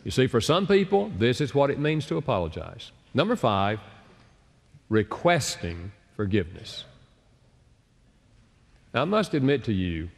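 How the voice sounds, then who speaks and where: A man with a mid-pitched voice that swings widely as he lectures, dropping into other voices to act out the people in his stories. He speaks as an author and counselor. His voice rings with the long reverb of a large hall. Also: gravelly. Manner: acts out quoted people with changed voices. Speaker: author and counselor giving a talk. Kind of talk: lecture with storytelling.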